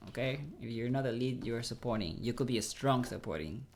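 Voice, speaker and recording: A Mexican-accented man, a Spanish speaker, appears as an actor guest in a casual interview, stopping and restarting as he hunts for English words. His medium-pitched voice is animated and a little mellow, with a faint hiss or hum in the background.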